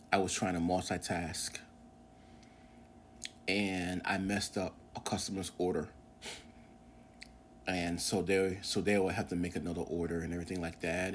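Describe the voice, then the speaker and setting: A man in his forties hosts a casual religious podcast, delivering an earnest but rambling monologue full of fillers and restarts. His voice sits low, and a little hiss or hum runs under the recording.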